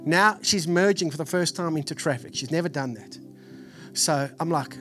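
A man in his forties with a Texan accent, preaching a sermon in an animated, storytelling way. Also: on the high side, moderate pace, soft background music. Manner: animated storytelling, acts out family voices. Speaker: pastor. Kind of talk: sermon with personal stories.

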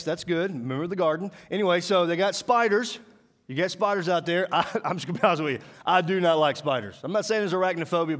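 A man from Mississippi with a Southern accent, giving a lively, joking sermon to a school audience. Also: on the high side. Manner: animated, joking, drawling, talks to the crowd. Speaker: guest speaker. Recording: long hall reverb.

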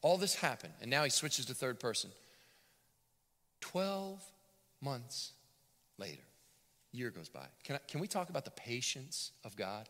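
A man preaching a sermon as a pastor, animated and dramatic yet conversational. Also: mid-range voice, unhurried, pauses often. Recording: long hall reverb.

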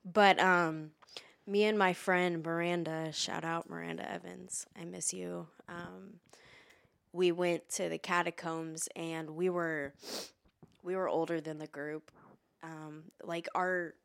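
A young American woman co-hosting a podcast, rambling in casual chat and swearing a lot, getting loud and animated when she argues. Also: on the low side, slow pace, vocal fry, clear, resonant tone. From United States. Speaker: podcast co-host. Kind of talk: casual chat while eating hot wings.

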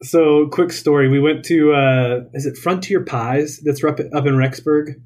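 A young adult man, a dietitian guest in a casual interview, telling relaxed stories and laughing as he goes. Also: fairly high pitch, a little slow. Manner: relaxed storyteller, laughs while telling anecdotes.

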